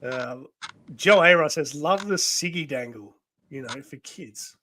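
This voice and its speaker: A man hosting a live comic read-through, rambling with many pauses and laughs. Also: fairly high pitch, expressive, sharp tone, slight background noise. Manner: rambling, full of ums and laughs. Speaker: host. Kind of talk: casual live-stream chat.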